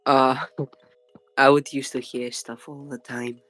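A man's voice: mid-range voice, flat delivery, slow pace, a bit bright, no echo, faint music behind, poor audio. A young man telling a story from childhood in a hesitant way, full of fillers and little laughs. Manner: hesitant, filler-heavy, laughs between phrases. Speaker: guest. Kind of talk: casual storytelling.

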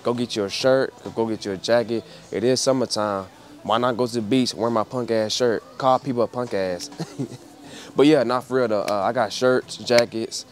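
A brash young man doing a casual prank vlog inside a big store, trolling and swearing. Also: medium pitch. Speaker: prank vlogger.

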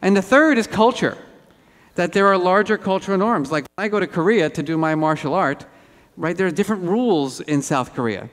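A man giving a lively conference keynote, telling animated self-deprecating stories on stage. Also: sits high, fairly quick. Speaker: keynote speaker. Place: large auditorium. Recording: hall reverb.

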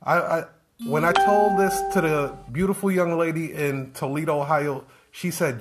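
A man in a live-streamed coaching talk, hammering home his point with one rhetorical question after another. His voice sits a little on the high side, and he circles back over the same phrases with a preachy, insistent drive. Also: fairly even intonation, normal speed. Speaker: business coach.

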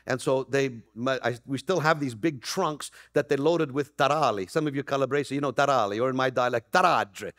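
A man preaching a Christmas Eve sermon as pastor, energetic and rising to near-shouts, with playful asides to the congregation. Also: mid-range voice, brisk, few pauses, no echo, studio quality. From Canada. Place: church hall.

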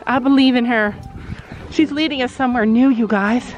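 Woman, vlogger, casual chat to camera, upbeat, high voice, outdoors on a farm, handheld camera. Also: normal speed, muffled recording, soft background music. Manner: chatty, upbeat, laughs often. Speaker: vlogger, mother. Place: outdoors on a farm, walking through woods and fields.

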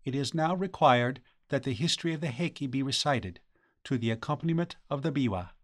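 A man voicing the solemn matron of a ghostly noble court in an audiobook ghost story, speaking in a hushed, formal way. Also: medium pitch, lively intonation, fairly quick, lightly acted. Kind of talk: audiobook character reading.

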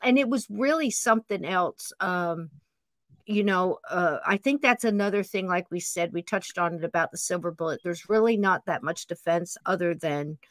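A woman podcast host in casual chat, talking fast and gushing with enthusiasm. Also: on the low side, no echo.

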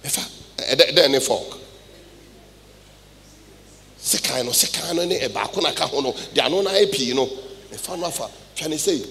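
A middle-aged Ghanaian man preaching a sermon in church, swinging between loud outbursts and hushed asides. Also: fairly high pitch, lively intonation, normal speed, pauses often, a little hiss or hum. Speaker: pastor. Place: church hall with congregation. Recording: live church recording with long reverb.

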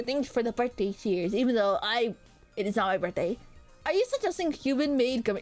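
A woman's voice: on the high side, lively intonation, normal speed. A woman streaming as a VTuber, chatting casually with her chat in a rambling way full of hesitant fillers. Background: faint background music.

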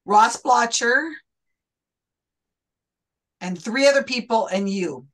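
A woman's voice: on the high side, slow, fairly bright tone. A woman hosting an online chat, telling a long story in a rambling, self-interrupting way. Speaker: host. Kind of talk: casual chat.

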